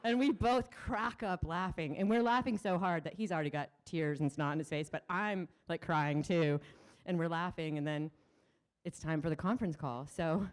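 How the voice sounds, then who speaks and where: Middle-aged woman storyteller on a small stage, low-pitched, animated, restarts a lot. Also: clean tone. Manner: animated, laughing, many restarts. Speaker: storyteller at a community event. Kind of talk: live personal storytelling.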